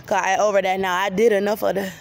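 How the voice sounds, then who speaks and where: Woman, gravelly voice, flat delivery, rambling personal story, faint background noise. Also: mid-range voice, fast. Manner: rambling, repeats herself, many restarts.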